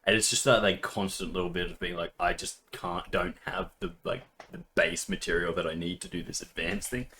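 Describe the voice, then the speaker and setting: A man's voice: low-pitched, a little fast, a little hiss or hum. A man co-hosting a casual podcast, retelling a game session with laughter, swearing and acted-out outbursts. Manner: animated storytelling, acts out his own outbursts with swearing and laughter. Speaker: podcast co-host. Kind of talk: casual chat.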